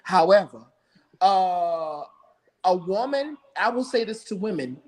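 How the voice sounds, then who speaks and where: A man's voice: high voice, animated, takes it slowly, darkish tone. A man on a talk show panel, speaking earnestly and openly about emotion, with a preaching lilt.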